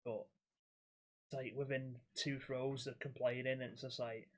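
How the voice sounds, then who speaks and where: A man's voice: mid-range voice, little pitch movement, moderate pace. A young man, a podcast co-host telling blunt, sweary stories from his axe-throwing job in casual chat.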